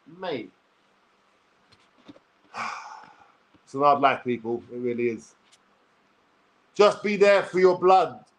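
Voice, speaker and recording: A man's voice: mid-range voice, lively intonation, slow, long pauses, a little hiss or hum, low-quality recording. A man ranting crudely and bluntly to his viewers, swearing freely and addressing them directly. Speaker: vlogger. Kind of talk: direct-to-camera rant.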